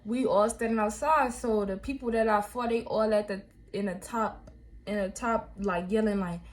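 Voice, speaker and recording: A young woman, telling viewers a storytime vlog in animated, slangy talk. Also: mid-range voice, normal speed. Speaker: vlogger.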